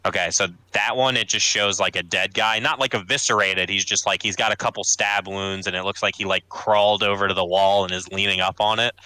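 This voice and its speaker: A man's voice: fairly low pitch, steady tone, brisk, sharp tone, clean tone, no echo, rough recording. A young man playing a tabletop game, talking casually and rambling with many filler words. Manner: rambling, full of filler "like"s, laughs easily. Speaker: player.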